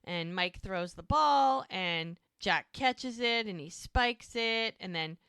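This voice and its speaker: Animated woman recapping a TV episode. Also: medium pitch, slow, smooth, no echo, clean studio sound. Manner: animated retelling, acts out the characters' lines. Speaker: podcast co-host. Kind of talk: casual recap chat.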